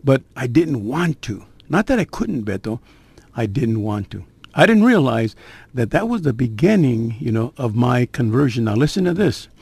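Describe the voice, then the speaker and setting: An older man tells his conversion story in a gravelly, husky voice, recorded dry and close. He keeps it conversational and streetwise and builds suspense with little asides to the listener. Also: medium pitch, big pitch swings, moderate pace, darkish tone, no echo. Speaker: guest sharing his conversion testimony. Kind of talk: personal testimony storytelling.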